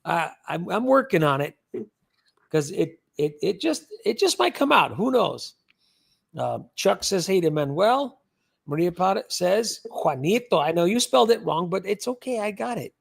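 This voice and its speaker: A man's voice: high-pitched, sing-song, moderate pace, vocal fry, slightly rough. An older man hosting a livestream, chatting casually and rambling as he reads out viewer comments. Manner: chatty, rambling, repeats words. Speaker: livestream host.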